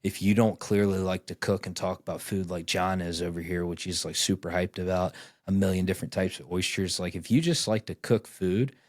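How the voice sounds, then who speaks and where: Man, thirties, podcast host, low voice, very dry sound, rambling storyteller, lots of swearing. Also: fairly even intonation, a little fast, dry recording. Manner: rambling storyteller, acts out dialogue, swears often. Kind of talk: casual chat.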